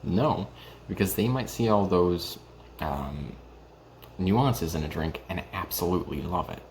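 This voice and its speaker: A man's voice: low-pitched, unhurried, darkish tone, slight background noise. A young man in his early twenties chatting casually in a home vlog, hesitant and full of ums and restarts. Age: young adult. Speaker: vlogger reviewing whiskey.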